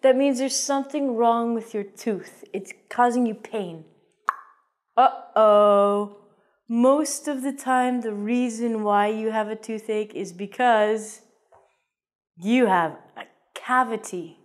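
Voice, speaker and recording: A woman's voice: a little high, measured pace, a little mellow. A woman teaching an English vocabulary lesson in a playful, jokey way, with theatrical asides.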